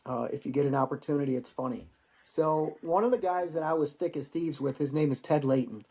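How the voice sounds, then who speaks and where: A man's voice: on the high side, fairly quick. Laid-back American man telling war stories. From United States. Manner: relaxed, profane, repeats words when starting phrases. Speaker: guest, Marine veteran. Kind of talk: casual storytelling.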